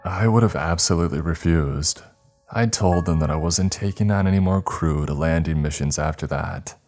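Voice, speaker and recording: A man's voice: low voice, moderate pace, a little mellow, natural voice. A man reading as a grieving retired space communications chief. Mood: somber. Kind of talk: scripted horror narration. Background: faint music.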